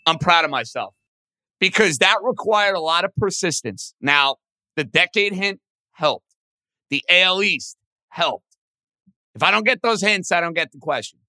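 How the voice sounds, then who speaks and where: A sports radio host with a bright, forceful voice whose pitch swings freely as he thinks aloud through trivia questions. He talks casually and pokes fun at himself. The sound is close and dry, with no room around it. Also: a little slow, pauses often, dry recording. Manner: animated, thinks out loud, self-deprecating.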